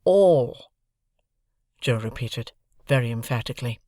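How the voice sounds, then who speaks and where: Gravelly male audiobook narrator. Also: mid-range voice, no echo, studio quality. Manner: measured, deliberate reading. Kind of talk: scripted narration.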